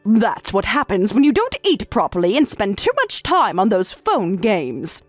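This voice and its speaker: A woman's voice: mid-range voice, huge pitch swings, measured pace, no room sound, soft background music. A synthetic woman's voice reading a domineering older mother-in-law who lectures and scolds. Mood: scolding. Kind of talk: text-to-speech story reading.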